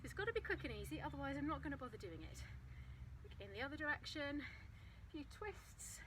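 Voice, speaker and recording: Chatty woman leading a running warm-up. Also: sits high, big pitch swings, quick pace, background noise. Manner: chatty, practical, talks while moving. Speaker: fitness vlogger demonstrating a running warm-up. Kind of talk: casual instructional vlog. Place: outdoors on a path. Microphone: phone propped on a ledge.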